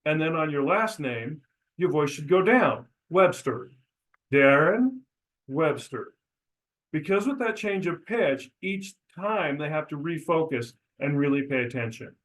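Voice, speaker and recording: Man coaching door-knocking, higher-pitched voice. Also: expressive, normal speed, fairly bright tone, poor audio. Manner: coaching, demonstrates scripts aloud with pitch changes. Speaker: real estate broker and trainer. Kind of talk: instructional talk.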